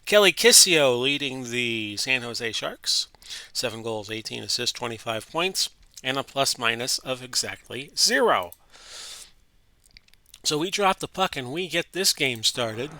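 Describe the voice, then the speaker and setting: A man with a Florida accent talks through a sports simulation in a chatty, offhand way, stumbling over names and correcting himself as he goes. His voice is strikingly bright and forceful, with a middling pitch. The recording is dry and close, with no room sound. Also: animated, unhurried, no room sound. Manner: chatty, reading off stats with self-corrections. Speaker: host of sports simulation channel. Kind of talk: casual play-by-play of a simulation game.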